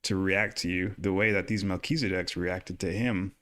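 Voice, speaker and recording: Low-voiced male podcast co-host, blunt and fired up, urging listeners on with plenty of cursing. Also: fairly even intonation, moderate pace, fairly bright tone. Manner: fired-up, exhorting, swears a lot. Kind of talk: casual podcast discussion.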